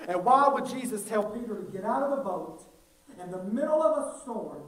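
A man's voice: high-pitched, lively intonation, normal speed. A male pastor preaching a sermon in a folksy, emphatic way that builds toward fervor. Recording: very echoey, mic far off.

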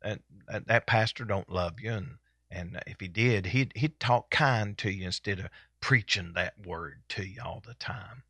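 Sneaky low devil voice, all hushed and coaxing , a preacher doing it mid-sermon, dry sound. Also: male voice, a little slow, slightly rough, dry recording, exaggerated voice. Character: sly wheedling male devil tempter.

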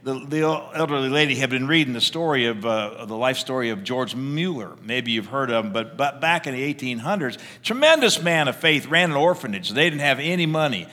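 A pastor preaching a sermon, telling stories in a loose conversational way with frequent restarts. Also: male voice, medium pitch, expressive, a little fast, few pauses, bright, forceful tone, long reverb tail. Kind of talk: sermon with storytelling.

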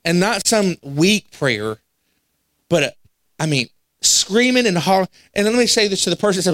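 Animated preacher with a higher voice. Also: male voice, moderate pace, no echo. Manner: animated, acts out quoted voices, laughs at himself. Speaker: pastor. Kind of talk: storytelling sermon. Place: church sanctuary.

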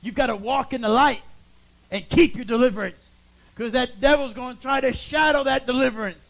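A man with a very high voice preaches a sermon as a pastor. He is middle-aged and swings between loud, ringing calls and soft, hushed lines. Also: brisk, creaky, poor audio.

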